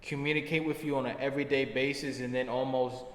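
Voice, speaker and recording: A man's voice: medium pitch, fairly even intonation, fast talker. A man hosting a podcast interview, chatting casually, laughing often and swearing freely as he tells stories. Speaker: podcast host. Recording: echoey room with long reverb.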